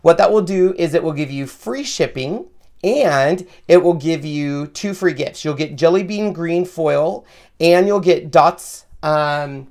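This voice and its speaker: A man's voice: fairly high pitch, a little slow, darkish tone. A man hosting a live craft tutorial, chatting step by step and thinking aloud as he lays out a card. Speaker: craft host demonstrating card making.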